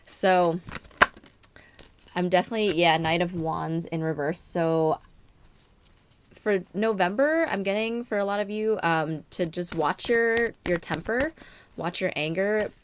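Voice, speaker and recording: A woman's voice: fairly low pitch, a little slow, a little hiss or hum. A young woman giving a casual astrology and tarot reading, rambling and filling her talk with "like" and "um". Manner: rambling, many fillers and "like". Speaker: tarot reader.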